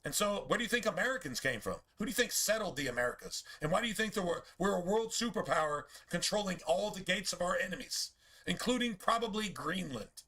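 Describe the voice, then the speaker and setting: A man's voice: high voice, lively intonation, fast talker, bright, forceful tone. A man streaming a game, talking in a casual, profane, preachy rant full of rhetorical questions.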